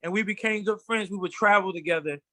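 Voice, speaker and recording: A man's voice: high-pitched, fast, dry recording. A man, a fashion designer guest, telling his story animatedly in a casual interview. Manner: animated storyteller, acts out quotes. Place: studio.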